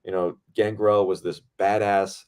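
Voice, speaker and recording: A man hosting a podcast, telling a set story in a casual, excitable way and swearing freely. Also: fairly low pitch, a little slow, clean tone. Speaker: podcast host and film director.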